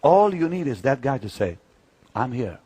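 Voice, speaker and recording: Emphatic older male preacher, lively pitch. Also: a little fast, husky. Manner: emphatic, storytelling, swings from loud to hushed. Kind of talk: sermon-style teaching talk.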